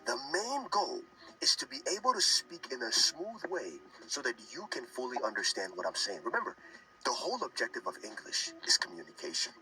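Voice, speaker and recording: A man teaching fast American English phrases, repeating each one for practice in an animated way. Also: mid-range voice. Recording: distant from mic with music behind.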